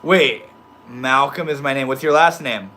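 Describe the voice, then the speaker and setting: A man from Maine hangs out with his livestream audience, reading comments aloud in casual slang full of "bro" and "dude." His medium-pitched voice is pushed and bright, and he talks a little slowly.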